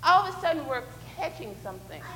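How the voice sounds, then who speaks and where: A woman with a high, bright voice leads children through a playful, acted-out Bible lesson. She coaxes them along with questions and pretend actions. Her voice rings around a large church sanctuary with a long, echoing reverb. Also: very animated, fast, slight background noise. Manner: playful, coaxing, acts out fishing with the children. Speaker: children's sermon leader. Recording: echoey hall with long reverb.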